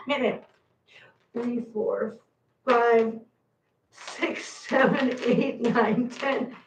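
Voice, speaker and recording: Drawing out her words, this woman speaks with a fairly high, steady voice and some vocal fry. She's hosting a livestream from home, chatting and teasingly telling off her cats while counting their treats, her voice distant in an echoey room with faint background noise.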